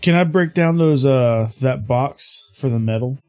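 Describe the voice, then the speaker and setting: A man's voice: mid-range voice, unhurried, a little mellow. A man playing a tabletop game, blunt and swearing freely. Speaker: player.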